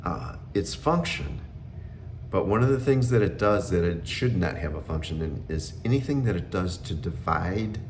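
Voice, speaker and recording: A middle-aged man giving an earnest, unhurried spiritual talk, pausing often with fillers. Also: deep voice, a little hiss or hum.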